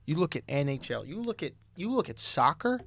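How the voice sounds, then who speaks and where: Bright, lively man riffing provocatively. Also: a little high, brisk, gravelly. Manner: riffing, provocative, builds to loud rants. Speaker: podcast co-host. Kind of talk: comedic casual chat. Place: podcast studio.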